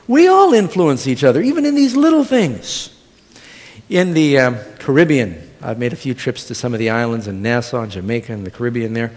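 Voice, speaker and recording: A middle-aged male pastor preaching a sermon, telling stories with humor and asking the congregation questions. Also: mid-range voice. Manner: storytelling with humor and audience questions. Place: church sanctuary. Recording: long church hall reverb.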